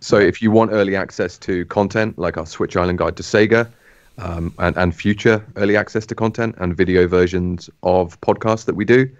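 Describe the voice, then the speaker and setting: A man with a low voice and dry, self-deprecating humor co-hosts a casual live show. His mic is close and dry, and the sound is a bit dull and lo-fi. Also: fairly even intonation, normal speed, no echo. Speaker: podcast co-host. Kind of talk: casual live-stream chat.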